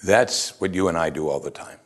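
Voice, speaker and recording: A man preaching a sermon in a conversational way, asking rhetorical questions and rising into animated bursts of emphasis. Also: sits low, fairly quick.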